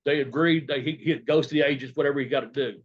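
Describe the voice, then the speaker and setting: A former wrestler with a fairly high voice guests on a casual storytelling interview, talking quickly through rambling, profane anecdotes and laughing along the way. The sound is dull and lo-fi.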